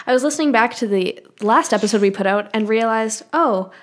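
A woman's voice: fairly high pitch, brisk. A woman co-hosting a podcast from her bedroom, chatting casually with dry teasing and frequent laughs. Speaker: podcast co-host. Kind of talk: casual chat.

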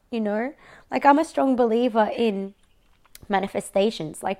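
A young Australian woman venting to her viewers in a personal vlog. She swears often, fills her talk with "like," and sounds close to tears. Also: fairly high pitch. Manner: venting, frequent swearing and "like" fillers. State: near tears, voice breaking. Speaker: vlogger.

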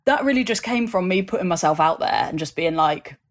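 A woman, a guest in a conversational interview, telling animated stories and leaning on fillers like "um" and "like". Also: fairly low pitch, brisk. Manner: animated storytelling, acts out voices in anecdotes, many fillers.

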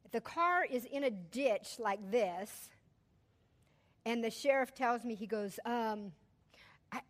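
A middle-aged woman with a fairly high voice, telling a personal story to a gathered audience. She is animated and chatty, and laughter slips into her telling. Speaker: speaker to a church audience.

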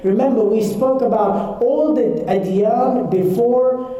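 A man's voice: extremely high pitch, slow, warm tone. A man teaching children and teenagers through a story, in a casual style full of fillers and restarts. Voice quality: casual, repeats himself, many fillers and restarts. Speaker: Islamic teacher telling a story to children and teens. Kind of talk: storytelling lesson. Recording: echoey hall, distant mic.

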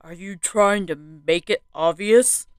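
A woman's voice: mid-range voice, brisk, mellow, clear, resonant tone, no echo, lightly acted. A woman voicing an angry man who berates a coworker, harsh and swearing, in a horror story narration. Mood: furious.

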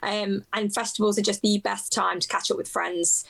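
A woman's voice: mid-range voice, fairly even intonation, moderate pace, gravelly, fairly bright tone. A woman, a musician chatting animatedly in an interview and laughing often. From England. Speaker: musician guest. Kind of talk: casual interview chat.

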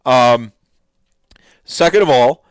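Male host, casual commentary; smooth, resonant, dry; eager and rambling. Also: medium pitch, expressive, slow pace, no room sound. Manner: enthusiastic, rambling with restarts and fillers. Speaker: host reacting to miniature reveals.

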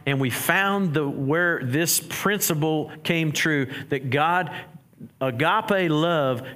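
Male pastor, middle-aged, conversational preaching style with many restarts, voice on the higher side. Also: fairly bright tone. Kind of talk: sermon.

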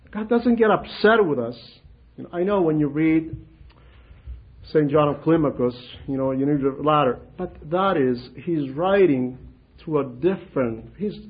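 High-voiced man giving a spiritual talk. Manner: conversational, repeats phrases, acts out simple prayers. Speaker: speaker on spiritual life. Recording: dull lo-fi sound.

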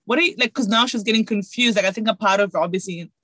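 A young woman, speaking softly and reflectively in a heartfelt chat. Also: medium pitch, quick pace, no echo. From Zimbabwe. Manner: reflective, soft-spoken.

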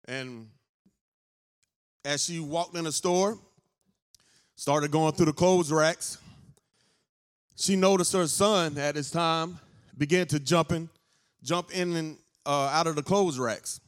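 A male pastor, telling a story in a sermon as an unhurried storyteller. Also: fairly high pitch, smooth. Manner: unhurried storyteller who builds to fervent preaching. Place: church sanctuary.

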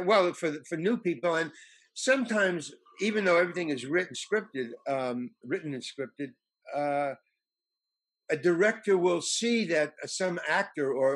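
An older man, an actor, telling anecdotes in a halting way, with many fillers and restarts. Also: fairly high pitch. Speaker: actor guest. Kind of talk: anecdotal storytelling.

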